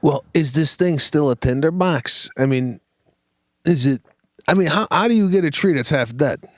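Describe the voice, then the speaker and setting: Relaxed man, dry close sound. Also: a little high, moderate pace, no echo. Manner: relaxed, chuckling, talks about his daughter. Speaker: podcast co-host. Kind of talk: casual chat.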